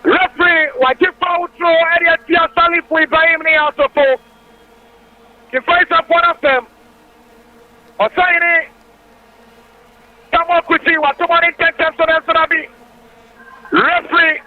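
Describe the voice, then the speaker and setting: A man giving excited live football commentary on radio, calling out player names in quick play-by-play. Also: very high voice. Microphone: radio studio mic. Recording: tinny radio broadcast line.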